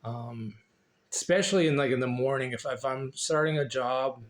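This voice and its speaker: A man's voice: mid-range voice, moderate pace. A man vlogging casually and reading from a book, rambling and repeating words with many restarts. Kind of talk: casual chat and reading aloud.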